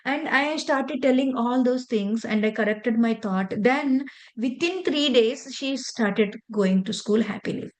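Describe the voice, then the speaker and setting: A woman's voice: fairly high pitch, measured pace, a little mellow. A woman, teaching meditation in an earnest, conversational way with a personal story. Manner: earnest, conversational, loose grammar. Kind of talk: spiritual lesson with personal story.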